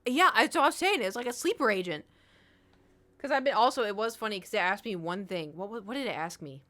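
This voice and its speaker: A woman in her thirties talks casually to her stream audience. She rambles from one story to the next and laughs easily along the way. Her voice sits in a middle pitch. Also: animated, fast talker, fairly bright tone. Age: 30s. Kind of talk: casual chat to a live stream.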